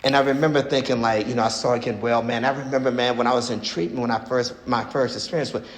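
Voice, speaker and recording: A man from the United States sharing his recovery story at a meeting, animated and acting out the voices of people he quotes while talking to the audience. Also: mid-range voice, fast. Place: meeting room. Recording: echoey room, faint noise.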